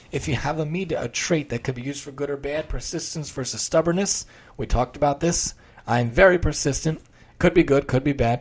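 A man's voice: mid-range voice, a little mellow, husky. A man giving a direct, emphatic motivational talk and reading stories aloud.

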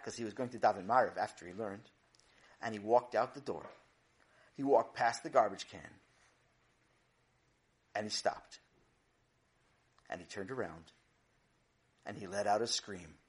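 A man's voice: medium pitch, moderate pace, pauses often. A man narrating a children's story in a playful, dramatic way. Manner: animated, playful, dramatic build-ups.

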